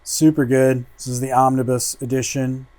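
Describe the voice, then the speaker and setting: A man hosting a casual livestream, flipping through a comic book and muttering relaxed asides, swearing freely as he goes. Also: medium pitch, moderate pace, dry recording.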